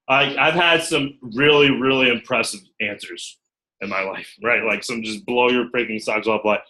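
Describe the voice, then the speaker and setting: Give me an animated man coaching a small group. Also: mid-range voice, normal speed, poor audio. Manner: animated, acts out quotes, checks in with "okay?" often. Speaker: recruiter training a team. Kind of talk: group training talk.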